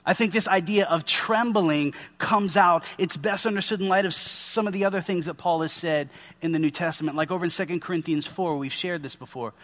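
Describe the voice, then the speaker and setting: A man's voice: sits high, a little fast, fairly bright tone. A man in his thirties preaching a sermon in an earnest, conversational way, speaking to his listeners as guys. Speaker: pastor.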